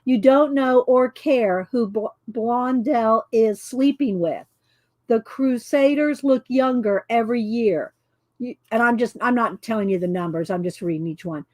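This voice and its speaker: A woman's voice: on the high side, unhurried, darkish tone, no room sound. A woman, chatting casually on a livestream and reading cards aloud, stumbling over names as she goes. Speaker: channel host.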